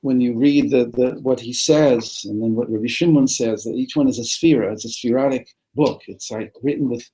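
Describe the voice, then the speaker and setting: A man's voice: mid-range voice, moderate pace, few pauses, mellow, low-quality recording. A man teaching a text class as a rabbi, reading lines aloud and translating them phrase by phrase, often restarting and repeating words. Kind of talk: text study lesson. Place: study hall.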